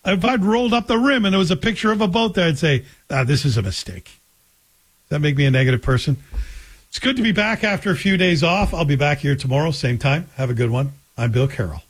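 Middle-aged man, talk radio host, husky voice, wry conversational monologue. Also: fairly high pitch, brisk. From Scotland. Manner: wry, joking, conversational storytelling.

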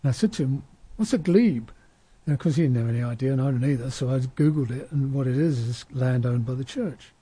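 A man's voice: medium pitch, fairly even intonation, fast, hardly any pauses, mellow, husky. A man from outside the US talking reflectively in a casual panel discussion, often restarting his sentences.

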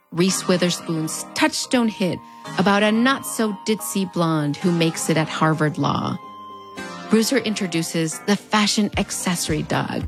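Scripted pop-culture commentary comes from a host in her thirties who has a Mexican American border (fronterizo) accent. She keeps it wry and conversational, with playful swings in pitch.

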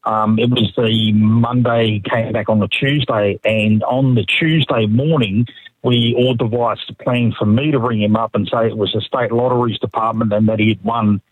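A man calling in to a radio show, telling a story in a lively way and chuckling as he goes. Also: fairly low pitch, moderate pace, dry recording, phone-quality sound. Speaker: caller. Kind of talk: phone-in anecdote. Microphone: phone line.

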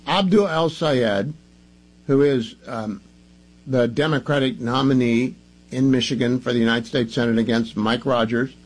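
A man's voice: mid-range voice, poor audio. A man hosting a talk radio show, delivering emphatic, combative commentary and hammering points through repetition.

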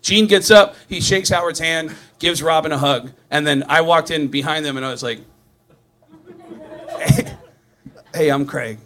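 A man telling an animated, profane story in a stand-up comedy set. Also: on the high side, brisk, hardly any pauses.

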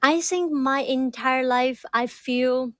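Slow, stuttering woman guest. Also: high-pitched, a bit bright, no room sound. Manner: stutters, repeating words. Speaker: guest, doctoral student. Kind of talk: reflective interview answers.

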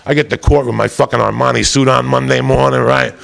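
A man doing profane stand-up, telling a story in a loud, brash, rambunctious way and swearing constantly. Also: mid-range voice, steady tone, fast talker, vocal fry. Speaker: stand-up comedian.

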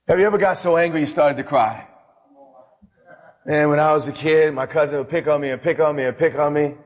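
Male pastor, impassioned sermon, slightly high voice, long reverb. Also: fairly quick, muffled recording. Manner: impassioned, building to cries. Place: church hall with audience.

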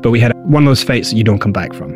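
A man recounting his own past as an interview guest, lively and acting out the people he quotes. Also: medium pitch, racing, faint music behind. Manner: animated, acts out quoted voices. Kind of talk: candid storytelling.

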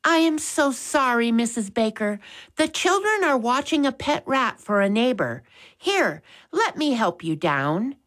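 A woman reading a storybook aloud and voicing a calm, sympathetic mother. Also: medium pitch, slow pace, voice pushed up. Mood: gentle. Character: kind, caring mother.

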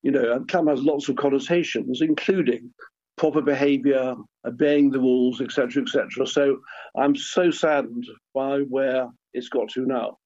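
An older man speaks as a guest on a radio interview, hesitant and earnest, often restarting his words. His voice is a little husky. The line sounds dull and lo-fi. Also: mid-range voice, fairly even intonation, moderate pace, darkish tone. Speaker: guest, former football club chairman.

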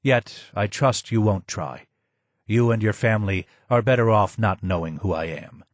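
A man voicing a broken, disfigured former advisor who speaks low, hoarse and slow, sounding more sad than angry. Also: no room sound, natural voice. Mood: grim.

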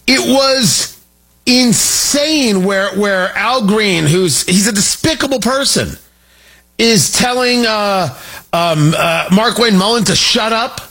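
Brisk combative talk radio host, man. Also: high-pitched, expressive, pushed and bright. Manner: combative, emphatic, rapid asides. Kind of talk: political talk radio monologue.

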